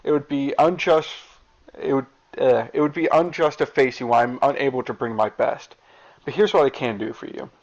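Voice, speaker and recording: A man's voice: medium pitch, normal speed, close to an everyday voice. A man voicing a proud male wrestling champion giving a grandstanding promo speech. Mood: polite. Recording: dull lo-fi recording.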